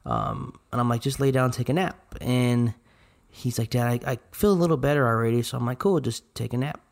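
A man in his thirties, co-hosting a podcast, telling a family story in a relaxed, matter-of-fact way with dry asides. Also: mid-range voice, brisk, creaky. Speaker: podcast co-host. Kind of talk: casual storytelling.

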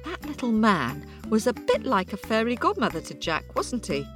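A woman's voice: on the high side, big pitch swings, moderate pace, music in the background. A woman host, presenting a children's programme in a chatty way, asking the listener questions. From Yorkshire, England.

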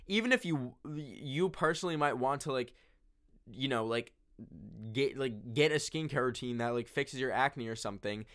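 A young man hosting a casual solo podcast from his bedroom, rambling and swearing with lots of fillers. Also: fairly high pitch. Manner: rambling, profane, filler-heavy, animated. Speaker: podcast host. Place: home bedroom, sitting on carpet.

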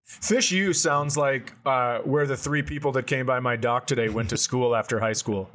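A man co-hosting a podcast, chatting casually with wry, unhurried remarks. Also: medium pitch, level tone, a bit bright. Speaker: podcast co-host. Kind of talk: casual chat.

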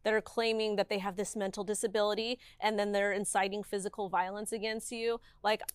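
A woman's voice: mid-range voice, fairly quick, smooth, no echo. Candid, emphatic woman interview guest. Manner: emphatic, animated, heavy use of "like".

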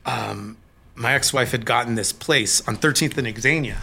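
A middle-aged man from Colorado telling his own story of hard times as an interview guest, candid and halting. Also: mid-range voice, gravelly, bright, forceful tone, slightly rough. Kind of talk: personal recovery story in an interview.

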